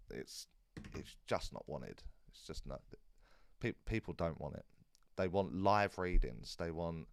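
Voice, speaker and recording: A man hosting a live Q&A stream in a relaxed, rambling way, with many fillers and restarts. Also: deep voice, smooth, no echo, studio quality. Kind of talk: casual live-stream chat.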